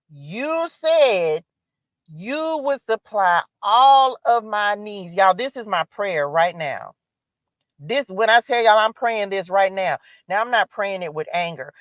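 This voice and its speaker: A woman's voice: medium pitch, no echo. A woman hosting a spiritual live stream, giving an emphatic, preachy motivational talk that repeats its calls to action. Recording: dull lo-fi dry sound.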